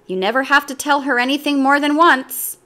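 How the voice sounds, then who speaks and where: A woman voicing a patient young male gorilla who looks after his little sister, gentle and coaxing. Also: sits high, brisk, pitched above the performer's own voice. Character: kind older brother gorilla, patient.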